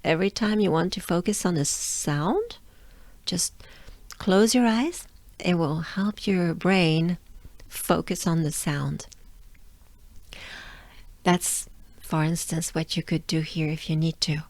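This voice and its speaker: A French woman coaches pronunciation in her own accent, drawing out sounds at an unhurried pace. Her voice is a little tired, and it sits close and dry in the recording. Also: lowish voice, darkish tone, no echo. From France. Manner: drills sounds slowly with repetition. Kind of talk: pronunciation lesson.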